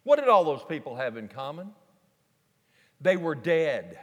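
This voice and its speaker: A man preaching a folksy, animated sermon to a congregation in a large church sanctuary. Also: a little high, a little slow, dull audio. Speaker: pastor. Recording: long reverb of a large church hall.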